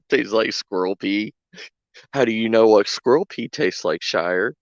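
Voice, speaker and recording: A man's voice: on the low side, animated, unhurried, no room sound, dull audio. A man streaming a game, bantering with his chat in a joking, giggly way. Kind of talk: casual chat to stream viewers.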